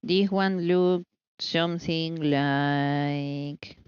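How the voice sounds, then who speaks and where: Slow-talking woman streamer, dull lo-fi mic. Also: deep voice, steady tone, clean tone, no room sound. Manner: chatty, scatterbrained, self-teasing, talking to herself. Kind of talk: casual live-stream chat while baking. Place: home kitchen.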